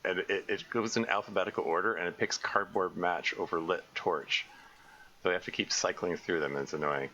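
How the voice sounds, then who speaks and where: A man with a very low, bright-toned voice chats his way through a survival game on a live stream, stumbling over restarts and correcting himself as he goes. The recording is a little dull and lo-fi, with a faint hiss underneath. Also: fairly even intonation, fairly quick. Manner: rambling, self-correcting, frequent stammered restarts. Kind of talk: casual live-stream commentary. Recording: slightly dull lo-fi mic with faint noise.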